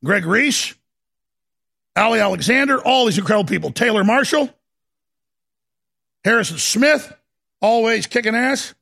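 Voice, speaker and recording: A man hosting a talk radio show, ranting fiercely and stammering as he swings from shouting to low muttering. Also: expressive, moderate pace, vocal fry, pauses often. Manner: fiery, stammering restarts.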